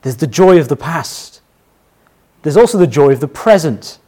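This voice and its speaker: Sermon: middle-aged pastor, lively pitch, emphatic, repeats lines. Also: male voice, normal speed. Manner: anecdotal, emphatic, repeats key phrases.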